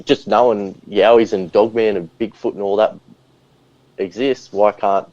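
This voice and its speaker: A man's voice: fairly low pitch, steady tone, normal speed, darkish tone, dry recording. A man with an Australian accent, a podcast guest chatting casually in a laid-back, rambling way over a remote call. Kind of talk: casual chat. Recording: dull lo-fi sound.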